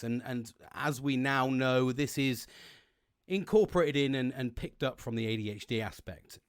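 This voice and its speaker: A man's voice: mid-range voice, normal speed, clean tone. A man talking through a rambling, swear-filled monologue to camera on a plug-in mic. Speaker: self-help vlogger.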